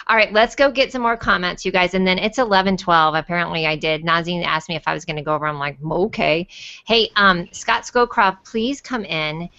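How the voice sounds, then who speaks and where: A woman's voice: fairly low pitch, brisk, gravelly, bright, forceful tone, highs cut off. A woman hosting a casual video call chat, playful and chatty, cursing now and then. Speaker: host.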